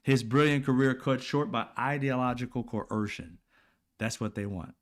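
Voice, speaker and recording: A man's voice: mid-range voice, normal speed. A man, giving blunt, profane, heated political commentary as a host in casual speech.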